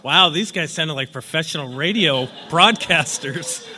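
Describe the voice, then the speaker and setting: A man's voice: on the high side, lively intonation, measured pace, bright, forceful tone, big-room sound. A man giving a casual workshop lecture in a sunlit room, talking conversationally and often saying "you know". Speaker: workshop instructor.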